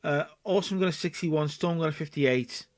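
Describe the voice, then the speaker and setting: High-voiced man narrating a game. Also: brisk, no echo. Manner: chatty, narrates and acts out scenes. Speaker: let's play host. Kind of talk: casual game commentary.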